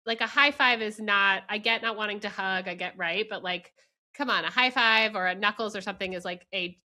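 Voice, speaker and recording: A woman's voice: medium pitch, fairly quick, pushed and bright. A woman co-hosting a podcast, chatting casually and frankly questioning and advising her co-host. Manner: frank, questioning, giving advice. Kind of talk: casual chat.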